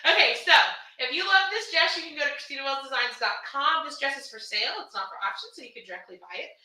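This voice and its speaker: A woman from Houston talks through her gowns on a livestream, lively and affectionate, calling viewers baby and honey. Her voice is bright and a little high. She sounds set back from the mic in a very echoey room. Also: fast talker, recorded from a distance. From Houston, Texas. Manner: animated, chatty, calls viewers baby and honey. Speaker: fashion designer selling her gowns on a livestream. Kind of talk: casual livestream sales chat.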